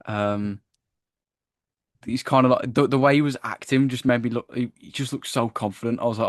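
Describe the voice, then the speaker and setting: A man's voice: mid-range voice, normal speed, no echo, clean studio sound. Chatty man reviewing wrestling. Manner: chatty, animated when acting out wrestlers, frequent "I was like". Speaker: podcast co-host. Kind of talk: casual wrestling review chat.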